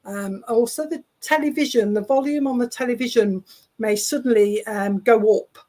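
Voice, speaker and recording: With a fairly high, mellow voice, this woman works as a spiritualist medium, conveying spirit messages on a video call. She talks in a chatty, halting way meant to reassure.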